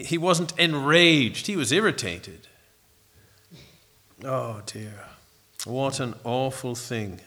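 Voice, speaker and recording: Bright-voiced earnest middle-aged preacher. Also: male voice, mid-range voice. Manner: earnest and reflective, with pauses and restarts. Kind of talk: sermon.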